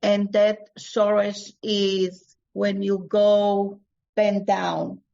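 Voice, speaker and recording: Slow, hesitant woman in a class. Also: medium pitch, level tone, gravelly, mellow. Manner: hesitant, searches for words. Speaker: class participant. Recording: dull lo-fi class recording.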